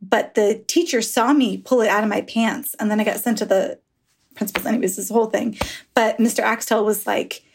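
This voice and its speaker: Frank, gravelly-voiced woman author. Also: medium pitch, fairly even intonation, fairly quick. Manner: frank, rambling, swears and laughs easily. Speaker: author guest. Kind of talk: candid interview conversation.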